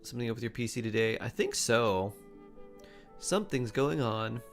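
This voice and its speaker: A man's voice: medium pitch, lively intonation, normal speed. A man streaming a game, chatting casually, reading chat aloud and humming between remarks. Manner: laid-back, hums and scats to himself while reading chat. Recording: faint music behind.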